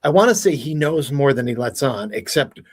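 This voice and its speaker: Brief: husky-voiced man, guest pundit on a chatty podcast, lively pitch, swears freely. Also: brisk. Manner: animated, laughs often, swears casually. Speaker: guest entertainment expert. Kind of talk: casual podcast chat.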